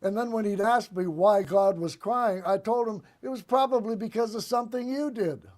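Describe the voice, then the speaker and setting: A man hosting a political comedy show, delivering one-liners and sarcastic commentary in a deadpan monologue. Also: high-pitched, moderate pace. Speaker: host.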